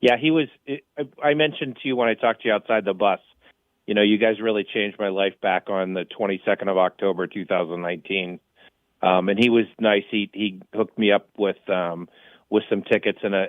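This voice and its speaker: A man calling into a radio show, friendly and halting as he repeats himself. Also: low voice, steady tone, no room sound. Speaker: caller. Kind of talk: phone-in call to talk radio. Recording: tinny phone line.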